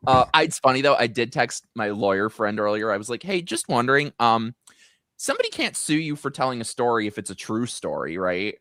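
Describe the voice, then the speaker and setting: A man's voice: brisk, no echo, clean studio sound. A middle-aged man hosting a live stream, telling a long anecdote in a chatty, gossipy way. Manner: chatty, storytelling, swings high in pitch when excited. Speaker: host. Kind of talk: casual live-stream chat.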